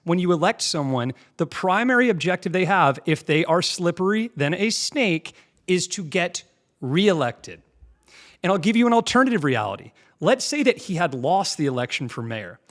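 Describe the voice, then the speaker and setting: Young guy ranting political commentary, sarcastic and combative, a bit high voice. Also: big pitch swings, normal speed, a bit bright. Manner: mocking, combative, mimics clips. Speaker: commentary show host.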